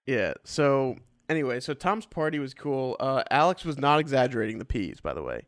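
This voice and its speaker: A man's voice: medium pitch, very animated, brisk, dry recording, studio quality. Blunt, cursing young man bantering. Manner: blunt, profane, joking. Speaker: podcast co-host. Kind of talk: casual banter.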